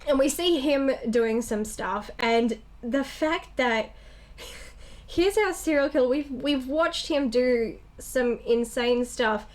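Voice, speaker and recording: A young woman co-hosting a casual movie review chat, animated and blunt, acting out characters' lines as she talks. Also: high voice, slow. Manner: animated, acts out characters' lines, swears freely. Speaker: co-host.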